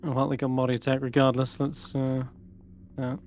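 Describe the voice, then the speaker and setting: A man acting as game master, narrating a live tabletop game and thinking aloud with pauses as he runs the combat. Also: mid-range voice, flat delivery, a little mellow, a little hiss or hum.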